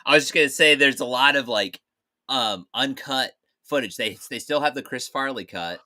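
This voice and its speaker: A man's voice: medium pitch, normal speed, pushed and bright. A man co-hosting a casual live-stream chat about movies, playful and prone to silly voices. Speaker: co-host.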